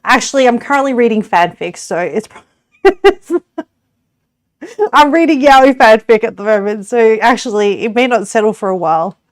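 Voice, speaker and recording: A woman's voice: fairly high pitch, lively intonation, normal speed, dry recording, clean studio sound. An Australian woman streamer chatting casually with her viewers while cooking, giggly and rambling, often correcting herself.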